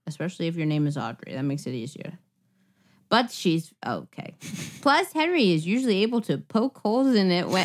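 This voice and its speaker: A woman's voice: on the low side, very animated, moderate pace. A woman co-hosting a film podcast, chatting casually and laughing often as she reads listener reviews aloud with playful asides. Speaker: podcast co-host. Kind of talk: casual chat.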